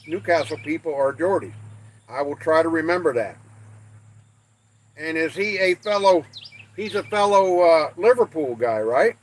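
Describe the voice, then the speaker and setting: Unhurried, with a voice on the high side and lively intonation, an older Western American man hosts a livestream. He reads his viewers' comments aloud and chats with them in a folksy, self-deprecating style.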